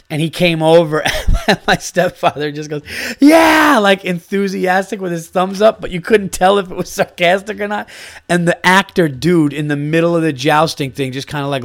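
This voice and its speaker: A man's voice: a little high, fairly bright tone. A man in his thirties hosting a podcast, telling a casual story with an exasperated, mocking rant full of swearing. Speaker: podcast host.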